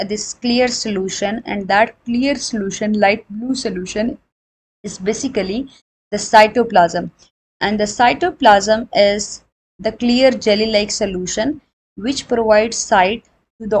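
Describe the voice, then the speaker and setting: A woman's voice: medium pitch, poor audio. Woman lecturing on biology. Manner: explanatory, repeats and rephrases points, frequent fillers; switches into Hindi for examples. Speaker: biology teacher. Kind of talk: recorded classroom lecture.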